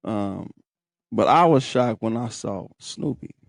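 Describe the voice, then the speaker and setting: A man's voice: lowish voice, expressive, takes it slowly, vocal fry, no room sound, studio quality. A young man hosting a podcast, telling a personal story in a candid, profane, emotional way. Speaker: podcast host.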